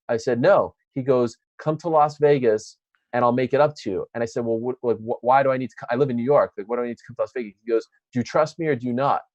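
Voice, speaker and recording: A man's voice: medium pitch, no room sound. An American man in an interview tells a long story with energy, acting out the voices of people in it. His voice sits in a middle register. The sound is dry and a bit dull. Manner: animated storyteller acting out quotes.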